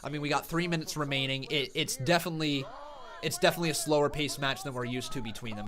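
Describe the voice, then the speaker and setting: A man's voice: a little high, quick pace, fairly bright tone. A man hosting a live wrestling watch-along stream, calling the action play-by-play, reading chat comments aloud and laughing often.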